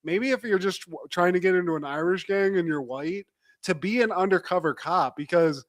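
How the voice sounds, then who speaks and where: A man on a podcast, talking in a joking, animated way with a slightly higher voice. He fires off quick asides to his co-host. The sound is dry and close, with no room echo. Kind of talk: casual recap chat.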